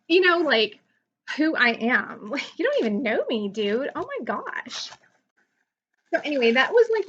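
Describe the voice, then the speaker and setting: Woman playing a bright, high-voiced valley girl YouTuber, self-absorbed and rambling, muffled lo-fi take. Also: a little hiss or hum, heavily acted. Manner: says "like" constantly, gossipy rambling. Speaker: comedy channel host. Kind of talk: comic character monologue.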